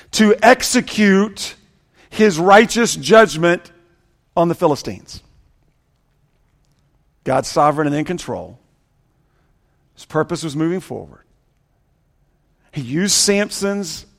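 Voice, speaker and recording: A male pastor preaching a sermon, telling a story with dramatic swings from loud bursts to hushed lines and dry sarcastic asides. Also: fairly high pitch.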